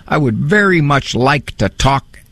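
Male call-in host, gravelly tone, dry close studio sound, wry and musing. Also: on the high side, animated, a bit bright, no room sound. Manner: wry, musing, drawn-out phrasing. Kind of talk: conversational radio talk. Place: radio studio. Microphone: studio microphone.

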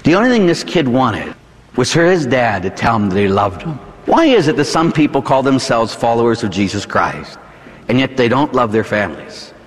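Animated Pittsburgh priest preaching in a hall. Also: male voice, normal speed. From Pittsburgh, USA. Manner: animated, dramatic pitch swings, folksy asides. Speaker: Catholic priest. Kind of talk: evening sermon. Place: church. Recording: reverberant church hall.

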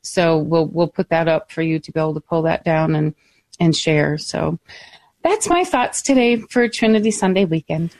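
A woman radio host giving an earnest faith reflection, pausing often with fillers. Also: low voice, lively intonation, darkish tone, no echo.

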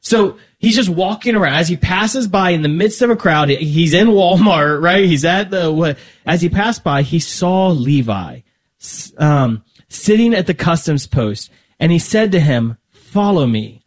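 A man with a fairly high voice, chatting casually as a guest about his faith. He rambles a bit, restarts his sentences and slips into quoted back-and-forth dialogue as he tells stories. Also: lively intonation, a little slow. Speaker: podcast guest.

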